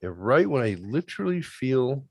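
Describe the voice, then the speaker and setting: A man in his thirties telling a story in a casual, profane, animated way, swinging between loud outbursts and quiet asides. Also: mid-range voice, moderate pace, gravelly, dry recording. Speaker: podcast host.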